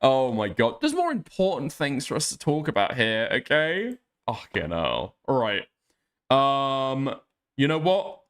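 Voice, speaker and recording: A man's voice: medium pitch, wildly swooping pitch, measured pace, fairly bright tone, clean tone. A man streaming, ranting in heated casual chat, exasperated and swearing often. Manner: exasperated, swears a lot, rants. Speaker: streamer reacting to news.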